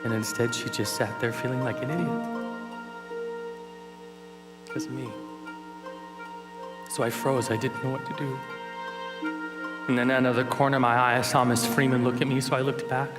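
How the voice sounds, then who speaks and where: A man giving a keynote talk at a conference, telling a personal story in an animated way and acting out scenes. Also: mid-range voice, moderate pace, pauses often, loud music behind the voice, low-quality recording. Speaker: keynote speaker. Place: conference hall.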